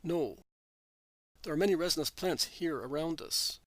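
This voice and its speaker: A man giving a measured, earnest scripted narration of a religious text. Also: a little high, fairly bright tone, no room sound.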